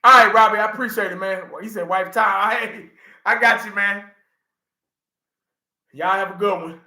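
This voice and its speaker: A man in his forties chatting casually on a livestream, an animated storyteller who laughs often and talks to his chat. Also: sits high, normal speed, echoey room, rough recording. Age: 40s. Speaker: livestream host.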